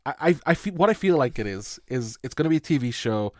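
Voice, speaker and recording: Lively, sarcastic man. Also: mid-range voice, fast talker, no room sound, clean studio sound. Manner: sarcastic, swears, jokey, lively delivery. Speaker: podcast co-host. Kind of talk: casual chat.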